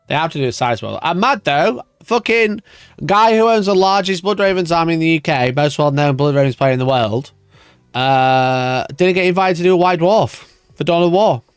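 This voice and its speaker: A man's voice: a little high, brisk, smooth, dry recording, faint music behind. A man hosting a wargaming live stream, ranting in mock outrage and swearing as he reads and reacts. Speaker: wargaming channel host. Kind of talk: casual live-stream chat.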